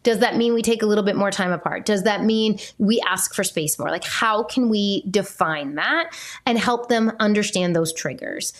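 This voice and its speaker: A woman in her thirties talks through a solo podcast episode in a candid, conversational way. She explains her points plainly and easily, at a middling pitch. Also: moderate pace. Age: 30s. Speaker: podcast host, parenting coach.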